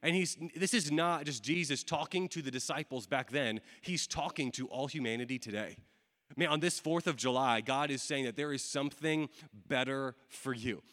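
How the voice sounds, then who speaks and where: A man's voice: medium pitch, moderate pace, a bit bright. A man preaching a sermon as a pastor, talking casually to a room with lots of fillers and repeated phrases. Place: church hall with audience. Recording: long hall reverb.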